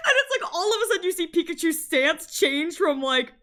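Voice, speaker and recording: High bright-voiced woman streamer. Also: a little fast. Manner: rambling, many restarts and laughs. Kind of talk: casual chat with viewers.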